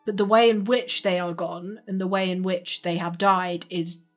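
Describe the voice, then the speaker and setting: A woman's voice: lowish voice, steady tone, moderate pace, soft background music. Woman game master narrating a tabletop game. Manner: casual, swears, restarts mid-sentence.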